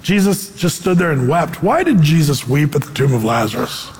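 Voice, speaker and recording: High-voiced pastor preaching in a reverberant hall. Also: male voice, moderate pace. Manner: animated, acts out quotes in voices, laughs. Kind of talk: conversational sermon.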